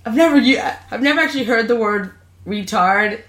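A woman co-hosting a gaming podcast, talking in an animated, enthusiastic way. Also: on the high side, brisk. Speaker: podcast co-host. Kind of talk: casual podcast chat. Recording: roomy echo.

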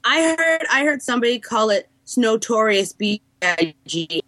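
A woman's voice: on the high side, sing-song, moderate pace, fairly bright tone, no room sound. A woman co-hosting a casual podcast over an online call, teasing with crude jokes. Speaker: podcast co-host.

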